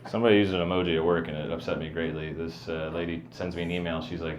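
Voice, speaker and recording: A young man doing a stand-up set on a club stage into a handheld mic, rambling with self-mocking asides and pauses for punchlines. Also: low voice, flat delivery, crowd noise. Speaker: stand-up comedian. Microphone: handheld wired mic. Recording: live club audience laughter.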